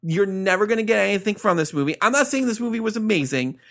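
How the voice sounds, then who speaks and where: A high, bright male voice that talks in a measured way while he argues the other side in a relaxed movie chat. He sounds steady and reasoned rather than heated. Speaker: podcast co-host. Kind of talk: casual movie review chat.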